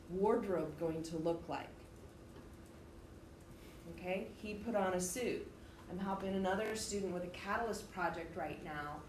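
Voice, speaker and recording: A woman's voice: mid-range voice, slight background noise. A woman teacher giving a direct, emphatic classroom lecture, explaining things to her students step by step. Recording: echoey room, faint ambience.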